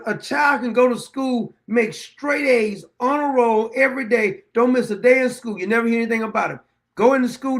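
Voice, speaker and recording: A middle-aged man hosting his own show delivers a blunt, rambling, opinionated monologue, circling back to the same points like a preacher. His voice sits high for a man, a bit bright, with a gravelly rasp.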